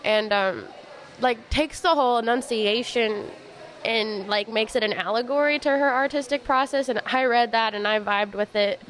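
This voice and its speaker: A woman songwriter who sings with her guitar and then talks casually, thoughtful and quick to laugh. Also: on the high side, fairly bright tone. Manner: thoughtful, laughs easily, meandering explanations. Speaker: songwriter guest.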